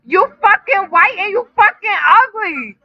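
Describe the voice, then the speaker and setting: A woman's voice: extremely high pitch, lively intonation, unhurried. A drunk woman livestreaming, giggling and teasing someone in repetitive casual banter. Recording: dull lo-fi stream audio.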